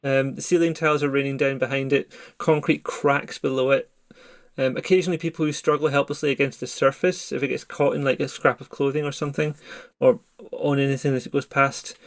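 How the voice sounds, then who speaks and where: A man narrating as game master of a tabletop horror game, in a calm, descriptive way. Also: mid-range voice, brisk.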